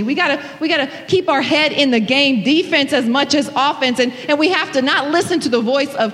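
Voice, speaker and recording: A woman's voice: high voice, a bit bright. A woman pastor preaching an impassioned sermon in a church, often repeating her phrases and breaking into exclamations. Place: church sanctuary. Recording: hall reverb.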